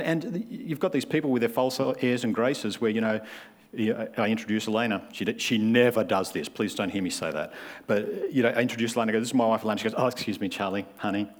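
A man's voice: medium pitch, fast. A man, preaching a sermon in a conversational way and acting out the people he describes. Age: 50s. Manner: conversational, acts out quoted voices.

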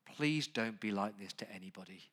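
A man preaching a sermon. He talks straight to the congregation and moves from quiet, conversational asides to loud, urgent emphasis. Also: on the low side, animated, moderate pace, breathy edge. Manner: conversational, asks the congregation direct questions. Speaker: pastor.

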